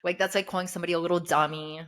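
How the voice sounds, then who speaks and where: A woman's voice: fairly low pitch, little pitch movement, racing, fairly bright tone. A woman in her thirties, a podcast co-host whose first language is Russian, chatting candidly and laughing often as she quotes herself. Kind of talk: casual chat.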